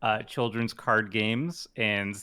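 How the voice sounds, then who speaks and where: A man from Canada, a player on the stream, joking in a deadpan way. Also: on the low side, takes it slowly, smooth. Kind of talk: casual stream chat.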